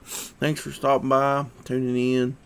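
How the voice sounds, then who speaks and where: A man's voice: medium pitch, monotone, a little slow. Casual guy, stuffy with allergies, talking to chat and his dog, loose and friendly. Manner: easygoing, chatty, coaxing his dog. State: sniffly from allergies. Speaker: livestream host.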